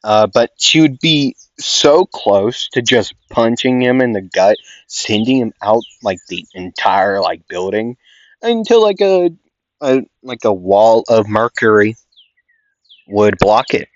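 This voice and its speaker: A man's voice: on the low side, very animated, takes it slowly, no echo, dull audio. A young man rambling through casual anime commentary, laughing at himself and swearing offhand. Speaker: anime content creator.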